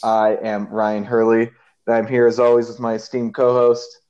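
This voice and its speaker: A man's voice: medium pitch, monotone, normal speed, a little mellow. A man from the Midwest hosting a podcast in casual chat, chatty and laughing often. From American Midwest. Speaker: podcast host. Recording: slightly dull lo-fi sound.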